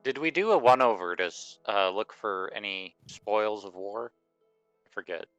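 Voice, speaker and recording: A man's voice: lowish voice, lively intonation, normal speed, fairly bright tone, clean tone, dry recording, highs cut off, soft background music. A man playing a tabletop game, laughing easily and keeping his replies short. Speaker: player.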